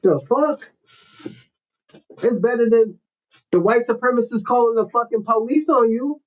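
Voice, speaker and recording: Male host, high voice, blunt lecturing delivery, muffled lo-fi audio. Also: unhurried. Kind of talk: casual opinionated talk. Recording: dull lo-fi audio.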